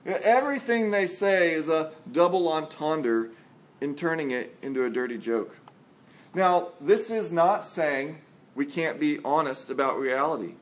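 A male pastor preaching a sermon in an earnest, conversational way, sometimes acting out the people he quotes. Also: a little high.

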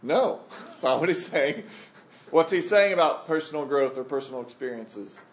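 A man's voice: a little high, animated, normal speed. Man, conversational Bible study teacher, emphatic, questions the group, echoey room.

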